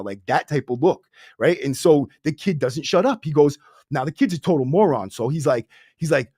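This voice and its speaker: A man's voice: fairly high pitch, a little fast, breathy edge, no echo, studio quality. Profane streetwise man. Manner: streetwise, profane, animated storytelling full of "bro". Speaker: podcast host. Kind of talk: casual storytelling to a livestream audience.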